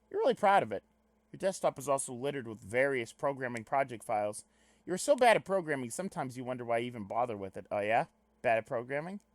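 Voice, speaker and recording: Young guy reading a comic out loud on stream, voice jumps all over, dry close mic. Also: medium pitch, dry recording. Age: young adult. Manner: animated, swings to loud excited rants. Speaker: streamer reading a webcomic aloud. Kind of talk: reading aloud with asides.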